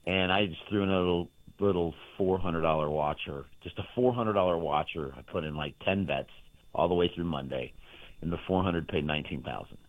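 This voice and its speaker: A man's voice: sits low, fairly quick, dry recording. A man, a sports betting handicapper, telling a rambling, boastful story about his bets in casual chat on a show. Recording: dry, tinny phone line.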